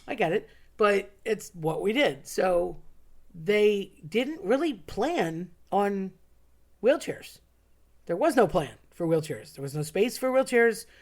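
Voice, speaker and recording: Brief: animated anecdote teller, sarcastic and emphatic, middle pitch. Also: slow pace. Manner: animated, sarcastic storytelling with acted-out quotes. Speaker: storyteller. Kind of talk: personal anecdote, told live.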